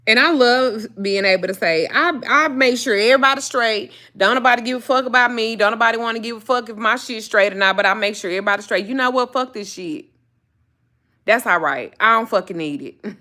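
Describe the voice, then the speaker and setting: A woman's voice: fairly high pitch, brisk, bright, forceful tone. A woman talking casually to camera in a blunt, profane rant, also talking to her dogs. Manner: blunt, swears freely, talks to her dogs. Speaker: spiritual reader and vlogger.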